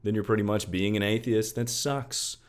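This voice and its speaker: A young man streaming from his room at home, loud and jokey, thanking viewers by name in casual chat. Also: lowish voice, fairly even intonation, normal speed, clear, resonant tone.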